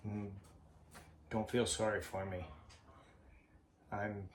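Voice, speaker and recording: A man vlogging in a slow, halting, heartfelt way, with a frequent cough. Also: lowish voice, little pitch movement, a little hiss or hum. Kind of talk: personal vlog monologue. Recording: roomy echo.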